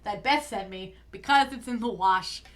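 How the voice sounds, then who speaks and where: A young Canadian woman with a slight lisp co-hosts a live stream, chatting casually and reading the chat aloud through a streaming mic. Her voice is mid-range at normal speed.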